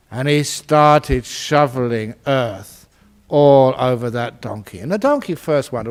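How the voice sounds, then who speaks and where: A man's voice: mid-range voice, takes it slowly. A man, a Buddhist monk, telling a humorous teaching story in a playful way and laughing at his own jokes. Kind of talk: humorous storytelling dharma talk.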